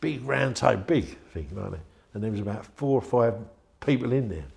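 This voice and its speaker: In an interview, an older man tells anecdotes in a chatty, rambling way, often starting over mid-thought. His voice is mid-range with a darkish tone and vocal fry, and he speaks animatedly at a fairly quick clip.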